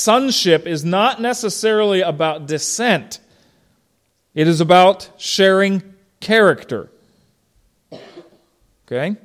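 Middle-aged male pastor, casual sermon delivery, slightly raised pitch, talks with the congregation. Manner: conversational, asks the congregation questions.

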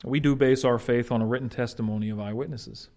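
A pastor preaching a conversational sermon, animated and informal, often restarting his phrases. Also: mid-range voice, quick pace.

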